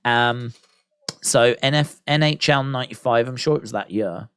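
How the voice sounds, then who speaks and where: A man's voice: medium pitch, moderate pace, a bit bright, clear, resonant tone, dry recording, studio quality. A British man hosting a casual live stream, musing aloud, reading out viewer comments and poking fun at himself. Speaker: livestream watch-along host.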